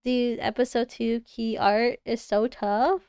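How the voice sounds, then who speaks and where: A woman's voice: fairly high pitch, level tone, takes it slowly, darkish tone, clear, resonant tone, dry recording, clean studio sound. A young woman with a Canadian accent, chatting casually and giggling as she reacts to viewers on a livestream. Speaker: livestreamer reviewing design work.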